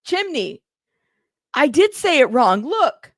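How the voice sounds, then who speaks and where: A chatty woman hosts a casual live news commentary, reading out viewer comments with a playful, laughing manner. Her voice sits a little high and has a gravelly edge. The recording is dry and close. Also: lively intonation, normal speed, dry recording. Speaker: host of a news commentary livestream.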